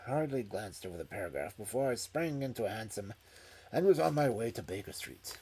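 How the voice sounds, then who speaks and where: A man reading a story aloud in an expressive, dramatic way. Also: fairly low pitch, a little fast, breathy edge.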